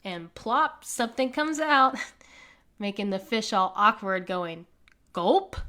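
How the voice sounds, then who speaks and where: A woman reading a children's picture book aloud in an animated way, pointing out the pictures with small laughs. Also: medium pitch, unhurried. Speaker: conservation group organizer reading to children.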